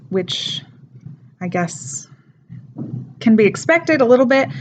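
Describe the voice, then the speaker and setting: A young woman giving a spoken accent study presentation, talking in a thoughtful way with many ums and pauses. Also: on the low side, muffled recording, a little hiss or hum.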